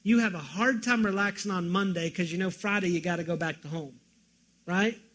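A man preaching a sermon as pastor, moving from loud pleading questions to quiet, earnest emphasis. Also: high-pitched, fairly quick.

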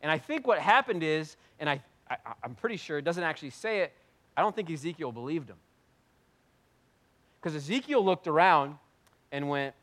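A man preaching a sermon, animated and jokey, swinging between loud bursts and quiet asides. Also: a little high, a little fast. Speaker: pastor.

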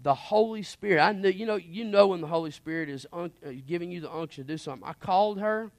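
A man delivers his personal testimony as a sermon, talking fast in a slightly high voice. He moves from quiet, confessional tones to urgent emphasis, earnest and impassioned throughout, and the audio is close and dry without any echo.

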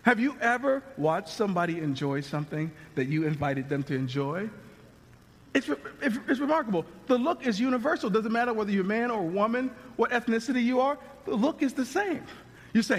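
Speaking briskly in a high voice, a male pastor gives an animated, conversational sermon and often starts his sentences over. The recording is drenched in the long reverb of a large hall.

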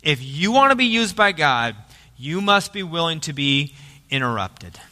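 Male pastor, high bright voice, emphatic sermon, echoing church sanctuary. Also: sing-song, unhurried. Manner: emphatic preaching, rises to loud dramatic quotes. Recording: church hall reverb.

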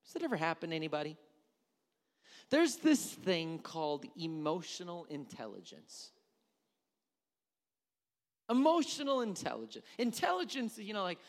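A man preaching a sermon in a church, telling the story in an animated way and asking the congregation questions. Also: sits high, moderate pace, pauses often. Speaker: pastor. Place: church hall. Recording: long hall reverb.

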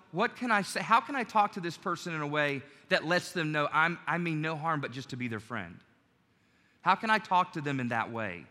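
A male pastor preaches with a bright, forceful voice, a little higher than most men. He talks to the congregation in a conversational way and acts out quoted lines. His voice rings out in a church hall with long reverb. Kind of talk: sermon.

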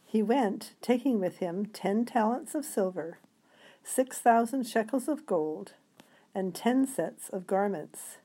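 A woman reading scripture passages aloud in a measured way, sometimes stumbling over a word. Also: medium pitch, expressive, mellow. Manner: measured reading with occasional slips. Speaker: scripture reader.

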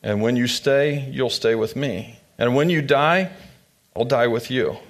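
A man's voice: medium pitch, measured pace, natural voice. Man doing Ruth, a loyal young widow. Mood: devoted. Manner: rhyming storybook verse.

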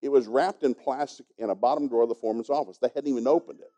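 Fast-talking man with a very dark voice. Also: medium pitch, highs cut off. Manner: folksy storytelling, chuckling as he goes. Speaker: pastor teaching a congregation. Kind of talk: sermon with a personal story.

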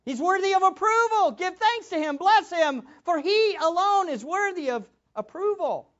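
A man's voice: extremely high pitch, expressive, moderate pace, a bit bright, lo-fi sound. A man preaching a sermon as a pastor, emphatic, with much repetition for stress.

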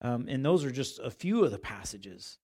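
A man preaching a sermon in a conversational way, growing animated when he retells the passage in everyday words. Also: medium pitch, normal speed, breathy edge. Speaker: pastor.

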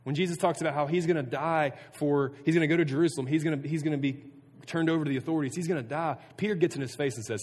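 A youth pastor giving a casual sermon to students, earnest and conversational, often restarting sentences. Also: male voice, on the high side, racing, darkish tone. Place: room with a student audience. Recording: long reverb of a hall.

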